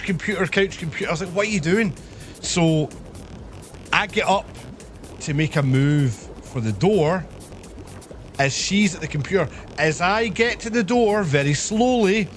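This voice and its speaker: A young man livestreaming, telling a long profane story to his chat and acting out the people in it. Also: a little high. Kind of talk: casual storytelling on a live stream.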